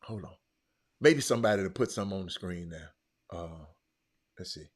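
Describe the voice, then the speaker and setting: A man hosting a livestream, stammering and repeating himself, muttering low one moment and shouting the next. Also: normal speed, pauses often. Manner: repetitive, stammering, talks straight to viewers; swings from quiet muttering to loud shouting. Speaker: livestream host. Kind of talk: casual livestream chat.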